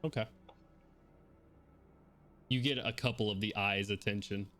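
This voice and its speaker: A man running a tabletop game as game master, brisk and orderly as he calls turns and rolls. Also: on the low side, fairly even intonation, fairly bright tone.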